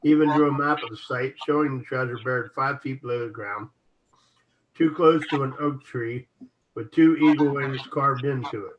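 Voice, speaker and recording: A man's voice: medium pitch, normal speed. A man co-hosting an internet radio show, reading articles aloud and sometimes stumbling over words. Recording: dull lo-fi audio with steady noise.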